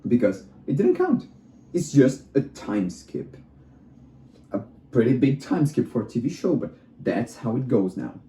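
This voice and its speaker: A man's voice: mid-range voice, sing-song, measured pace, mellow, a little hiss or hum. A young man who is not a native English speaker, rambling through his own playful thoughts and questioning himself as he goes. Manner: wandering, self-questioning, playful. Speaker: vlogger. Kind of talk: rambling solo musing. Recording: roomy echo.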